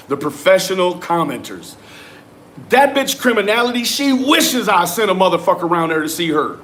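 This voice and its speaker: A young man rants through a livestream, his voice sitting a little high for a man. He is confrontational and profane, snapping at commenters by name between his points. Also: a bit bright, slight background noise. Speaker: livestream host.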